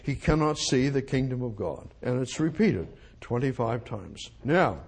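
A man preaching an expository sermon, emphatic, repeating phrases and swinging from loud declarations to quiet asides. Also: medium pitch, lively intonation, measured pace, gravelly, husky.

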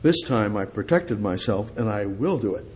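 A man's voice: fairly low pitch, animated, moderate pace, a little mellow, slight background noise. A male preacher delivering a sermon, emphatic, repeating key words and putting questions to his congregation.

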